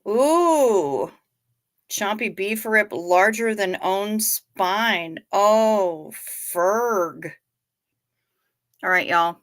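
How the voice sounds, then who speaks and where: A woman hosting a casual livestream, reading viewer comments in a gentle, sympathetic way. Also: mid-range voice, steady tone. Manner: slow, gentle and sympathetic, talking to chat. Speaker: livestream host.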